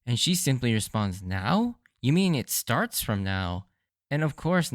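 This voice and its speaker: A man hosting a solo podcast, recapping episodes in an enthusiastic, animated fan style. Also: medium pitch, clear, resonant tone, dry recording, clean studio sound. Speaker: podcast host. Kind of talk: casual solo anime rewatch commentary.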